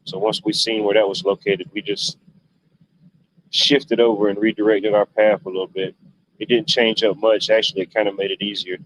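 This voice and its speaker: In a fairly low voice with flat delivery at normal speed, a man hosts a livestream and rambles laid-back through stories. His turns of phrase are loose and drawling, and the lo-fi stream audio sounds dull with faint noise.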